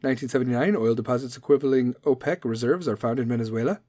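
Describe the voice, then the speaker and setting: A man's voice: medium pitch, fast, dark tone, dry recording, studio quality. A man hosting a podcast, reading history dates and riffing on them with profane, sarcastic comedy. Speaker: podcast host. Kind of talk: casual comedic commentary.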